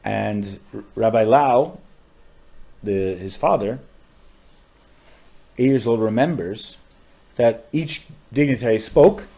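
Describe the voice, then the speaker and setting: A man, a rabbi on a podcast, tells a story with strong feeling, often saying "like" and dropping to a hushed voice at sad moments. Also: lowish voice, slow pace, gravelly, long pauses. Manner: emotional storyteller with frequent "like" fillers.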